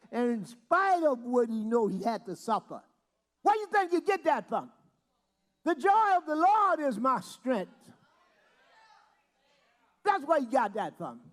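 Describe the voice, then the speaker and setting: High, animated preaching man. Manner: preaches with rising shouts and acted-out prayers. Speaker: bishop preaching. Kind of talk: sermon.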